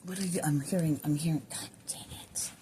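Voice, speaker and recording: A woman's voice: low-pitched, steady tone, mellow, a little hiss or hum. A woman talking on her own in a casual spiritual vlog, rambling and swearing with many restarts, recorded on a phone. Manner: rambling, swears, laughs to herself, halting restarts. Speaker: spiritual vlogger. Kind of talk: casual spiritual monologue to camera.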